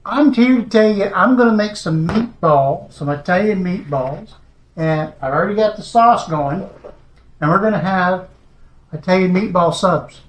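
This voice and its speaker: A man's voice: high-pitched, moderate pace. A man hosting a home cooking video, talking the viewer through a recipe in a folksy, chatty way from his kitchen. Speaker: home cooking show host. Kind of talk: casual cooking demonstration. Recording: echoey room.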